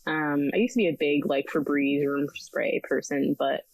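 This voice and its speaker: A woman's voice: low voice, little pitch movement, moderate pace, dry recording, rough recording. A woman guest on a casual podcast, answering candidly and laughing between answers. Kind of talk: casual chat.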